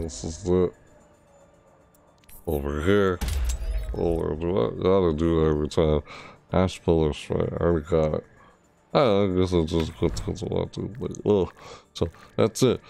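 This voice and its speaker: A man's voice: low-pitched, steady tone, measured pace, creaky, pauses often, dark tone, a little hiss or hum. A tired man streaming a video game, mumbling and rambling to himself in casual commentary. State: tired, yawning.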